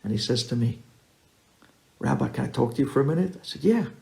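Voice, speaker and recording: A rabbi telling a story to an audience, acting out the dialogue in a lively way. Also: male voice, medium pitch, fast, gravelly. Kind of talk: storytelling talk.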